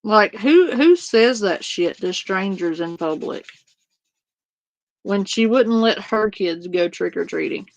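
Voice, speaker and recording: A woman's voice: medium pitch, animated, takes it slowly, no echo, poor audio. A woman streamer giving casual reaction commentary to a clip, incredulous and swearing freely as she mimics what others said.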